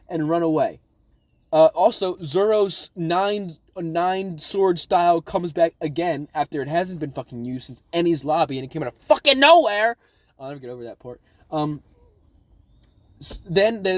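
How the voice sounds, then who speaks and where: High-voiced man rambling excitedly. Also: dry recording. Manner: rambling, profanity-laden, excitable. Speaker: anime reaction vlogger. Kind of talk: casual episode recap.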